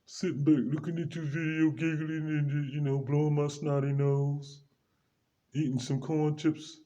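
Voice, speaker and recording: A man's voice: fairly high pitch, little pitch movement, measured pace, dark tone, highs cut off. A man vlogging, ranting to the camera in a loose, rambling way, full of slang and asides to himself. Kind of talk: rambling casual rant to camera.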